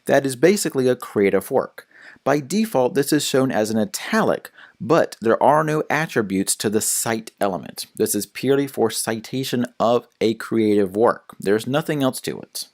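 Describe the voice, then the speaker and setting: A young man talks through a web development lesson at a middle pitch. He explains steadily and plainly, and he sometimes stops to restart a phrase. It sounds like a recorded course narration. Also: lively intonation, moderate pace, a little mellow.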